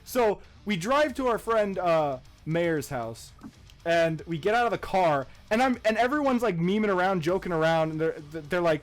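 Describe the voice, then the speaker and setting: A man's voice: high-pitched, moderate pace, faint music behind. A young man and podcast co-host, telling a story in casual chat, swearing freely and laughing as he goes. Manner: profane, laughing, animated retelling.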